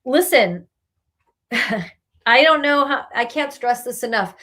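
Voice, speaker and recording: A woman's voice: a little high, lively intonation, slow pace, a bit bright. Emphatic woman giving a tough-love card reading. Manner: emphatic, scolding, tough-love delivery with laughs. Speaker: spiritual reader and meditation host. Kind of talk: live-streamed card reading.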